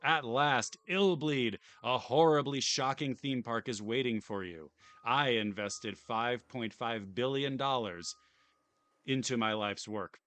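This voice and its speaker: A man's voice: medium pitch, slow pace, fairly bright tone. A man hamming up a gloating tycoon. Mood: grandiose. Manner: theatrical, boastful reading. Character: gloating rich male horror park owner. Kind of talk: dramatic reading of game text.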